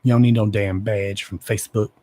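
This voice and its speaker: A man's lowish, mellow voice moves little in pitch as he speaks fairly quickly. Hosting a casual stream, he addresses his viewers bluntly, swears plenty, and gushes over them with obvious fondness.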